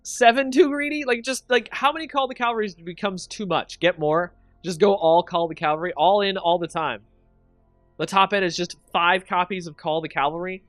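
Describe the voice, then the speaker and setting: A man hosting a stream, commenting casually on his game picks and talking with chat, excitable and quick to laugh. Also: sits high, no echo, soft background music. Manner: excitable, chatty, thinks aloud and laughs a lot. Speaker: streamer and channel host.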